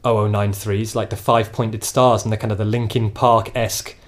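A man's voice: fairly low pitch, flat delivery, moderate pace. Chatty male podcast host. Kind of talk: casual podcast chat.

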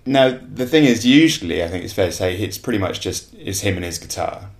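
A man with a low voice chats on a podcast as co-host. He is easygoing and agreeable, and he leans on fillers as he talks. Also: expressive, a little fast. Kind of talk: casual podcast chat.

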